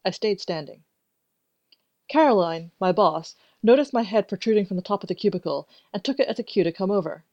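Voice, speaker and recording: A woman narrating a first-person story in an even, measured way. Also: medium pitch, no echo. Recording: dry, dull lo-fi recording.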